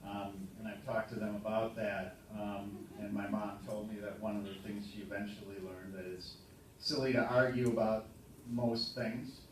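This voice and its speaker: A man in his fifties giving a halting, dryly funny tribute speech as a son to a party audience, pausing often with ums. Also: fairly low pitch, little pitch movement, slight background noise. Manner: halting, dry humorous storytelling with many ums. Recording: echoey hall from a distant mic. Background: room ambience and audience laughter.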